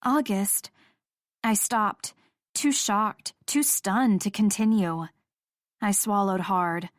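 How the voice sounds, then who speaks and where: A woman narrating a first-person romance audiobook in a measured, emotional reading. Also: medium pitch, no echo, studio quality.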